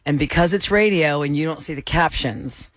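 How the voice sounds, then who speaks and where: A woman co-hosting a morning radio show, chatty and quick to laugh. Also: sits low, dry recording, clean studio sound. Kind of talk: casual morning radio banter.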